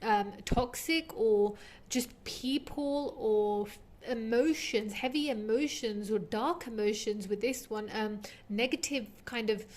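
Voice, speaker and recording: A woman's voice: fairly high pitch, a little mellow. A woman giving an intuitive tarot reading to her viewers, earnest and heartfelt, rambling with many fillers. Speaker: tarot reader.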